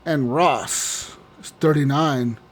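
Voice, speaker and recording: Man podcast co-host, high voice, profane ranting, animated casual chat. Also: takes it slowly. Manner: laughs often.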